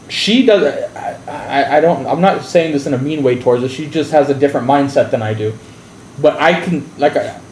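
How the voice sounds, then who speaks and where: A man's voice: mid-range voice, darkish tone. Blunt, foul-mouthed streamer man, roomy sound. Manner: profane, blunt, heavy swearing. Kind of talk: casual storytelling on a game stream. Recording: roomy with faint background noise.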